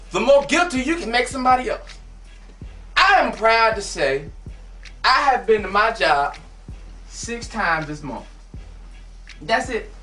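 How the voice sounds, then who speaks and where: A man delivers a satirical comic monologue, animated and given to sudden shouted bursts. He sounds set back from the microphone in a reverberant space. Soft music plays underneath. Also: very high voice. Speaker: comedian host. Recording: echoey, from a distance, faint music.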